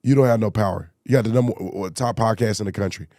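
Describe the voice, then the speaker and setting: A man's voice: lowish voice, fast talker, warm tone, no echo, clean studio sound. A man hosting a political commentary show, ranting in an exasperated way, repeating himself and firing off rhetorical questions. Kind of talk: casual commentary rant.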